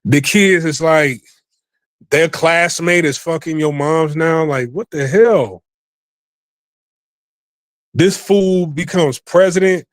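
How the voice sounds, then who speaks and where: A man's voice: on the high side, takes it slowly, long pauses, no room sound. A man hosting a podcast, giving rambling, profane casual commentary and repeating himself often. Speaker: podcast host.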